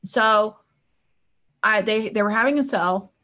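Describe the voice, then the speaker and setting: Her voice sits at medium pitch, bright and pushed, with a measured pace. As a life coach on a live stream, she talks casually with her audience, swapping personal stories and regularly checking in on them.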